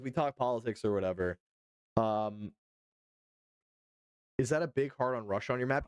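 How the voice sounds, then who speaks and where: A man's voice: mid-range voice, moderate pace, long pauses, smooth, dry recording, clean studio sound. A man from the United States chatting casually on a live stream, joking with a lot of swearing and answering his chat.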